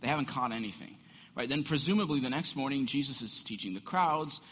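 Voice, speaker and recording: A middle-aged man, a pastor, preaching a sermon with animated storytelling and acted-out voices in a church sanctuary. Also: medium pitch, fairly quick, slightly rough. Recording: long hall reverb.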